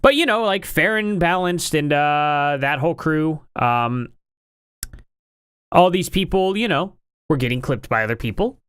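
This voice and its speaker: A man's voice: on the high side, expressive, a little slow, a bit bright, clear, resonant tone, no echo, studio quality. A man giving rambling, opinionated commentary in a casual style, often sounding incredulous. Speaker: online commentary streamer.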